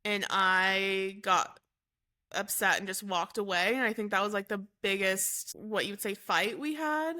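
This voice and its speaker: Slow, bright-voiced woman telling her story. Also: medium pitch. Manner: unhurried, halting, with fillers and self-corrections. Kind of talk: candid personal storytelling.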